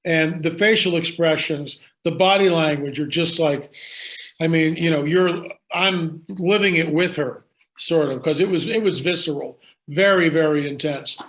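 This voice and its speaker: A man's voice: on the high side, a little slow, fairly bright tone. A man telling a story in conversation, emphatic and dramatic, repeating lines for effect. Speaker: guest storyteller.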